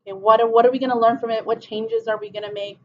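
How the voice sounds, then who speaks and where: A woman's voice: fairly high pitch, little pitch movement, fast, a little hiss or hum. A middle-aged woman presenting a parent workshop, talking informally with many "okay"s and "um"s. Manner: conversational, repeats "okay" and "um", acts out parent and child quotes. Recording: dull lo-fi room recording.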